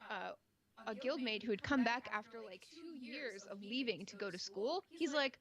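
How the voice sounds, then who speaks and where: A woman's voice: a little high, normal speed, crowd noise. A woman co-hosting a casual podcast, telling a gaming story with lots of filler words. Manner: animated storyteller, many "like" fillers. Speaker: podcast co-host.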